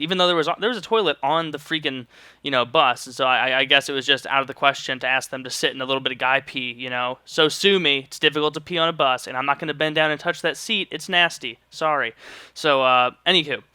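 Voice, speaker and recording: Young guy from st louis rambling thru a story, talks quick, smooth clear voice, cusses freely. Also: mid-range voice, pushed and bright, no echo. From St. Louis, Missouri. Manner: rambling, joking, swears freely. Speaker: vlogger. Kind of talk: casual storytelling monologue.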